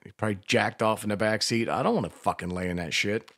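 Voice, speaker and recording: A man in his sixties talks on morning radio with a fairly low voice. He tells long, rambling stories laced with profanity and quick self-mocking laughs. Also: animated, no echo, clean studio sound. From Washington, D.C. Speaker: radio co-host. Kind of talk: casual radio banter.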